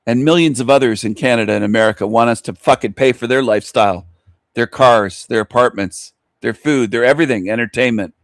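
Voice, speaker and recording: A man's voice: mid-range voice, fairly quick, no echo, clean studio sound. A man ranting angrily and with contempt in a profane monologue to his channel. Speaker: channel host.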